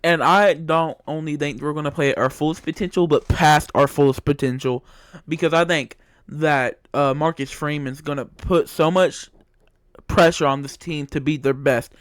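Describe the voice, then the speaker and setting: A young man with a slightly high, smooth voice, heatedly ranting his football takes and repeating himself for emphasis. He sits close to a dry mic in a dead room, talking casually like a fan with opinions. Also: steady tone, moderate pace, no room sound. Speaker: sports commentator. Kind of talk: casual sports opinion monologue.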